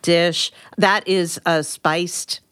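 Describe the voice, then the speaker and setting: A woman's voice: lowish voice, fairly even intonation, drawn-out words, fairly bright tone, clear, resonant tone, no room sound, studio quality. A woman hosting a podcast in casual chat about food, chatty and laughing often. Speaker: podcast host.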